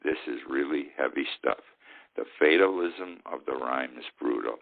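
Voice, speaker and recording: A man's voice: rumbling low, moderate pace, gravelly. An older man hosting a radio talk show, musing in a rambling, conversational way, repeating phrases and restarting sentences with emphasis. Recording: narrow phone-like radio sound.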